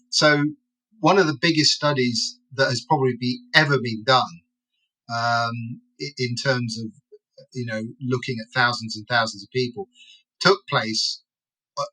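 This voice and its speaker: A man's voice: medium pitch, sharp tone, low-quality recording. A man being interviewed as an expert guest, explaining in a lecturing way and tagging his points with "right?" and "okay?".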